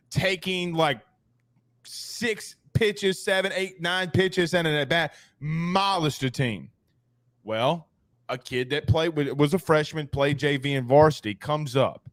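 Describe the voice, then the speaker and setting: A man hosts a casual sports talk show, rattling off stories fast and full of slangy asides. His voice sits a little high. The sound is dry and close. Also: fairly bright tone, no room sound. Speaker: podcast host.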